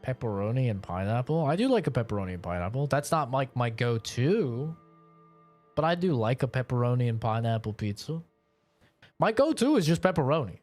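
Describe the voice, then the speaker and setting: A man's voice: mid-range voice, very animated, brisk, a little mellow, soft background music. A young man streaming and chatting casually, rambling and joking with a lot of swearing. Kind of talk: casual chat.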